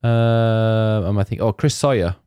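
Man, low voice, dry close mic, casual podcast banter, teasing jokes. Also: steady tone, mellow, clear, resonant tone, dry recording. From United Kingdom. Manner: quick-witted, teasing banter. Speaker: podcast co-host. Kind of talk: casual chat.

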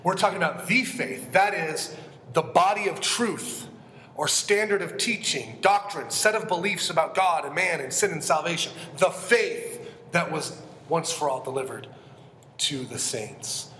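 A man's voice: on the high side, measured pace, pushed and bright, a little hiss or hum. A man preaching an expository sermon as a pastor, earnest and emphatic, often asking his listeners questions. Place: church sanctuary. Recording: echoey hall with long reverb.

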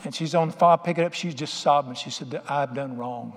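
A man's voice: on the high side, quick pace, long reverb tail. A middle-aged man preaching a sermon, telling stories in a folksy, emphatic way with plain colloquial speech. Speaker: pastor.

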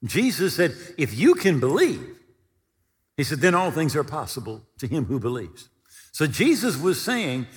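A man's voice: a little high, sing-song, measured pace. A man preaching a sermon, retelling scripture and stories with acted-out quotes. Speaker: pastor. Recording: long hall reverb.

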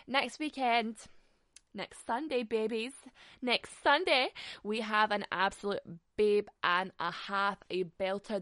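A woman's voice: mid-range voice, a bit bright, no echo. A young Scottish woman hosting a podcast on her own, talking frankly and swearing freely, with frequent laughs. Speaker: podcast host. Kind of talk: casual solo podcast chat.

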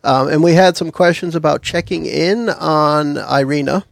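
A man's voice: fairly high pitch, moderate pace, creaky, dry recording. A man hosting a tabletop game podcast, chatting casually and upbeat with his players, a little self-deprecating. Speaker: podcast host.

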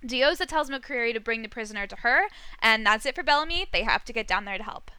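A woman's voice: on the high side, animated, quick pace, sharp tone, clean tone, no echo. A young woman co-hosting a casual TV recap podcast, chatty, laughing often and full of likes and ums. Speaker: podcast co-host.

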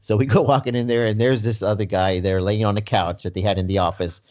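A man's voice: lowish voice, fast talker, highs cut off. A man who works as a paramedic, casually telling a work story on a podcast and laughing often as he acts out the people in it. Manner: animated, laughs often, acts out voices in his stories.

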